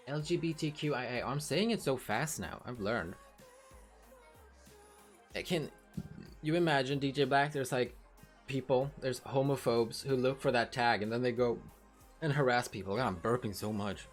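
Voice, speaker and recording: A woman's voice: extremely low pitch, moderate pace, pauses often, soft background music. Frank, swearing woman streamer chatting. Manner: frank, swears freely, talks to chat. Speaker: livestreamer. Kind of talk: casual livestream chat.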